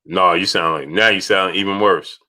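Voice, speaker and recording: Deep bright-voiced man hosting a livestream. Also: steady tone, moderate pace, soft background music. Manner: shouts out chat donors, repeats himself. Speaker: livestream host. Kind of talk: casual livestream chat.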